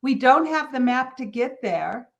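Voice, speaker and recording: High-voiced woman hosting a motivational podcast. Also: a little slow, vocal fry, lo-fi sound. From California. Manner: storytelling, animated, quotes others in character. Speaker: podcast host.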